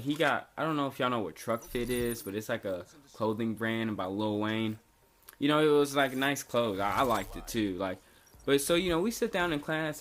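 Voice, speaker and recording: A young man casually telling a story from his school days, rambling and slangy with lots of fillers and restarts. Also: medium pitch. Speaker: storytelling vlogger.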